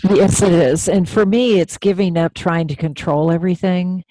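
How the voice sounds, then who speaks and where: A woman's voice: on the low side, steady tone, normal speed, warm tone, no echo. A woman hosting a radio show, chatting with a guest in an affirming, enthusiastic way. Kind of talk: casual interview chat.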